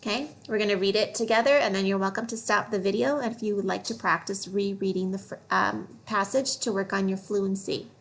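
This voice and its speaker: A woman teaching a phonics lesson to young children, slowly sounding out letters and words one by one. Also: medium pitch, fairly even intonation, vocal fry, fairly bright tone.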